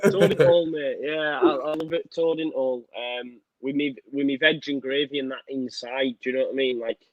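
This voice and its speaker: A relaxed young man chatting like he's among mates, quick to laugh and easy in his delivery. His voice comes through dry and a little muffled, as if over a modest mic with the top end dulled. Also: medium pitch, no echo. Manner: laid-back and matey, laughs often. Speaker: co-host of a football fan channel. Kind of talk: casual chat.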